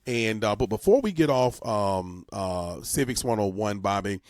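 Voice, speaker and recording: A man's voice: fairly low pitch, animated, moderate pace, a little mellow, no room sound, clean studio sound. A man co-hosting a community talk show, explaining civics in an emphatic, folksy way and repeating words for emphasis. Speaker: co-host. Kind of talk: talk radio civics segment.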